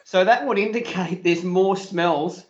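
A man's voice: high-pitched, measured pace, dull audio. An Australian man co-hosting a casual sports podcast, teasing and incredulous as he runs through odd stories. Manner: animated, incredulous ribbing. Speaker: podcast co-host.

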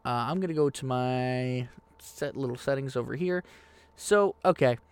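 Young male podcast host and game master, excitable and rambling, crisp and dry. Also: medium pitch, normal speed, no echo. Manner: rambling, excitable, self-deprecating. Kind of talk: casual podcast chat.

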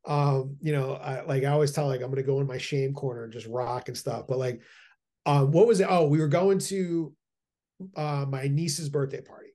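A middle-aged man appears as a podcast guest in casual conversation, eager and rambling, often restarting and repeating words. His voice is mid-range and mellow at a moderate pace.

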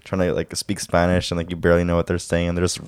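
A man with a very low, smooth voice chats casually, packing his phrases with fillers. The sound is close and dry. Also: monotone, very fast, no echo. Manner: filler-heavy, "like" in every phrase. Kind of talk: casual chat.

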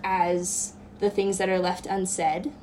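A woman's voice: fairly low pitch, level tone, slow, warm tone, slight background noise. A woman guest on a podcast, earnestly telling a personal story in a casual chat, with many fillers.

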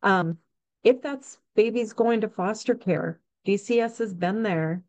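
A woman's voice: mid-range voice, a little slow, a little mellow, rough recording. A woman in her fifties, a neonatal nurse practitioner, answering interview questions in an earnest, encouraging way.

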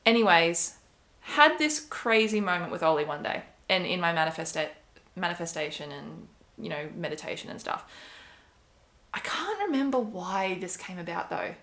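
A woman's voice: fairly low pitch, animated, normal speed, fairly bright tone. A young woman casually telling a personal story, rambling with many fillers and quoted asides. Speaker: podcast co-host.

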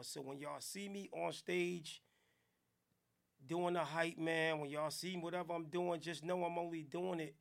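High-pitched man, bright gravelly voice, podcast host, animated comic rant, faint music behind. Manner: animated, loud bursts of hype and chanting. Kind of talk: comic live-stream rant.

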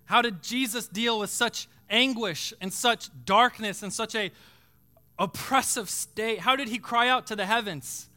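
Bright high-voiced preaching man. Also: unhurried. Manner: preaching with dramatic swells from hushed to shouting. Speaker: pastor. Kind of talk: sermon.

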